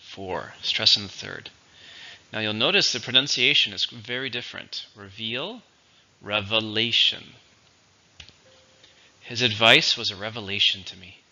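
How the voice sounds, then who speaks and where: A man teaching English vocabulary in a slow, patient, explanatory way. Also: lowish voice, creaky, pushed and bright. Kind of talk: vocabulary lesson. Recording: dull lo-fi recording.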